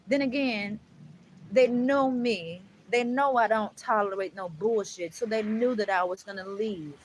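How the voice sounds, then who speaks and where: A woman's voice: medium pitch, measured pace, slight background noise, rough recording. Blunt, preachy woman vlogger swearing freely. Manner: blunt, preachy, heavy swearing, calls viewers "baby" and "honey". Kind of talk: emotional monologue to camera.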